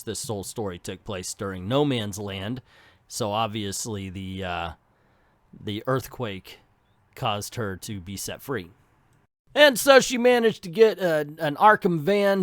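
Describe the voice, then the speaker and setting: A man's voice: mid-range voice, a bit bright, dry recording. Chatty man reviewing comic books. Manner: chatty and enthusiastic, with asides and restarts. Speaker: comic book review host. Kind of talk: casual comic book commentary.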